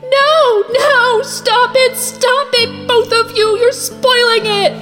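A woman voicing a frantic young noble girl who shrieks in a very high, pleading voice. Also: fairly even intonation, slow pace. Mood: shrieking. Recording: long reverb, loud music behind.

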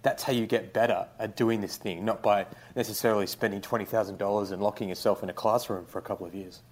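Laid-back young aussie guy, kinda low voice, rambles with lots of "you know"s. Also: fast talker. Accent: Australian. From Australia. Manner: relaxed, rambling with many fillers. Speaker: guest, writer. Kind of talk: casual interview.

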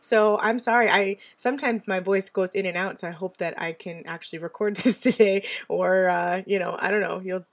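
Hoarse, stuffy woman hosting a chatty podcast. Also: mid-range voice, steady tone, moderate pace, few pauses. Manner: chatty, self-deprecating, confiding. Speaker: podcast host. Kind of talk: casual solo podcast talk. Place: home in the US Southwest.

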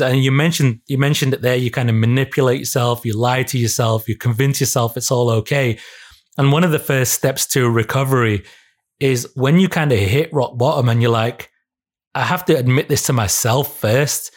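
A man's voice: mid-range voice, moderate pace. A man interviewing a guest, asking questions in a thoughtful, encouraging way.

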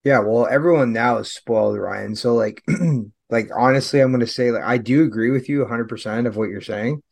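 A man's voice: mid-range voice, a little fast, vocal fry, a little mellow. A man as a guest on a casual podcast discussion, talking loosely and filling his sentences with "like.". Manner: casual, says "like" often.

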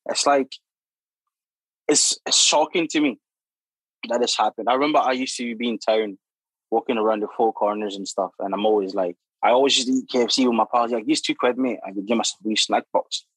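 A young man, a guest telling animated, laughing stories full of acted-out quotes. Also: medium pitch, brisk, husky, no echo, low-quality recording. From Democratic Republic of Congo. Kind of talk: casual storytelling.

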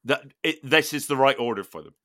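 A man hosting a podcast, telling a funny story in casual chat with animated, laughing delivery. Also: mid-range voice, fairly quick, no echo, clean studio sound. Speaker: podcast host.

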